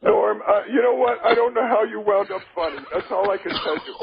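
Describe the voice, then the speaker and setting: A brash man on a tinny phone line, his voice pitched unusually high and gravelly, swooping all over as he banters and rambles through a joke. He sounds like a comic caller on a radio show. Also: brisk, noisy background. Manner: brash, bits of mimicry and rambling jokes. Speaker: phone-in guest.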